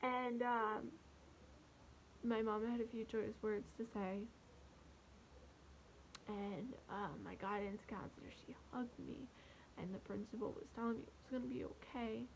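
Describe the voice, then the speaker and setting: Young woman vlogger, gravelly fry, soft and halting, faint hiss behind. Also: fairly high pitch, steady tone, rough recording. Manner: soft, halting, with many pauses and fillers. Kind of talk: personal storytelling to camera.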